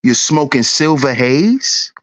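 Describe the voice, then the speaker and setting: A woman hosting her own channel, mocking her listeners in a rhetorical rant and repeating her questions in a teasing, sing-song way. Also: lively intonation. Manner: swings in pitch, drawn-out words. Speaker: channel host.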